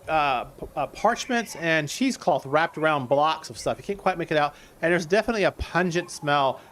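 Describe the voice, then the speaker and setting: Guy running a tabletop game, kinda high voice, rambles, faint hiss. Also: a bit bright. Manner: rambling, many restarts and fillers. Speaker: game master.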